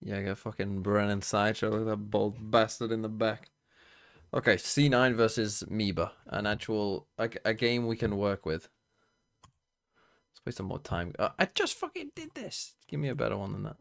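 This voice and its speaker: Gravelly-voiced man hosting a stream. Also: fairly low pitch, lively intonation, normal speed, a bit bright, no room sound, studio quality. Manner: blunt, swears freely, wry asides. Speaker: streamer hosting a watch party. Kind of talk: casual reaction commentary.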